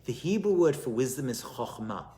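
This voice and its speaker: A man, a rabbi, giving a storytelling sermon in an animated way, swinging between loud and hushed delivery. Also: mid-range voice, moderate pace.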